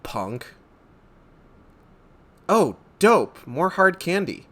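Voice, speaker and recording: A man giving casual, excitable, joking commentary while he plays a game. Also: on the high side, extremely slow. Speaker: streamer. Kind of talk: casual let's-play commentary.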